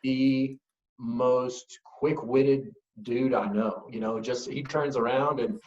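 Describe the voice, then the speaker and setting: A man's voice: medium pitch, steady tone, takes it slowly, a little mellow. Easygoing man telling stories, echoey lo-fi. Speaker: whiskey brand ambassador, guest. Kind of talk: casual interview storytelling. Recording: echoey, dull lo-fi remote audio.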